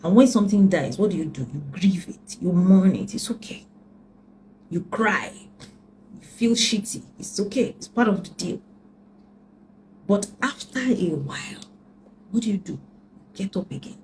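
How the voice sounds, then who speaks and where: A woman's voice: lowish voice, animated, normal speed, pauses often, darkish tone, slight background noise, poor audio. A woman relationship coach giving earnest advice, emphatic and repetitive, often dropping to a near whisper. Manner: emphatic, repeats key lines, drops to near whispers.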